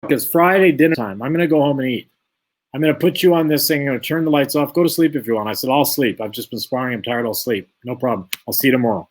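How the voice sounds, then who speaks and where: A former boxer, appearing as a guest, tells a long boxing story in an interview, speaking fast in a medium-pitched voice. He's lively and anecdotal, acting out both sides of each conversation.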